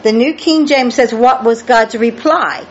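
A woman's voice: on the high side, a little slow. A woman preaching a Bible study sermon, emphatic and drawn out, questioning her listeners and exclaiming praise. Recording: dull lo-fi recording with faint noise.

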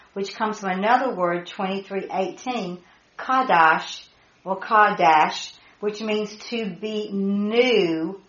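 A woman leading an informal Bible study, repeating key words and spelling out terms as she gets excited. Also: mid-range voice, highs cut off. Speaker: Bible teacher.

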